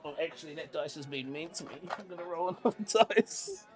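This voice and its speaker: Man, high voice, giggly, theatrical tabletop player, faint music behind. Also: lively intonation, a little fast. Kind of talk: playing a tabletop game.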